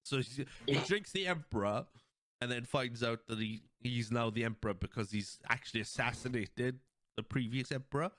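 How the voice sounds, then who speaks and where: A podcast host with a medium-pitched, fairly bright voice talks at a moderate pace, a little hiss or hum in the background. He rambles casually through scenes, quoting lines, swearing, laughing along, and restarting amid many fillers.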